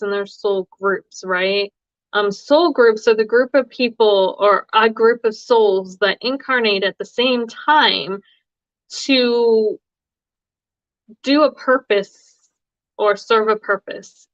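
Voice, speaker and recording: A woman's voice: mid-range voice, a bit bright, dry recording. Chatty giggly woman, dry muffled sound. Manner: chatty and giggly, laughing between thoughts. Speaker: tarot reader and livestream host. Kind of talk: casual live-stream chat. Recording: dry, slightly dull sound.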